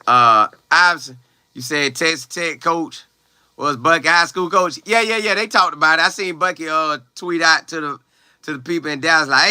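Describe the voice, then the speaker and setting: A young man livestreaming and reading viewer comments, talking loose and slangy with lots of exclamations. His voice sits fairly high and cuts through very brightly. The sound is dry and close, with no room around it. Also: normal speed, clean tone, no room sound. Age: young adult. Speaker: college football player livestreaming. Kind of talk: casual live chat, reading viewer comments aloud.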